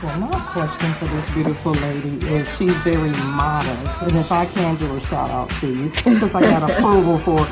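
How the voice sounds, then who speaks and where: A woman's voice: low voice, normal speed, hardly any pauses. A woman co-hosting a talk show, gushing affectionately about a guest. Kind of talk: casual interview chat. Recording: music under the voice.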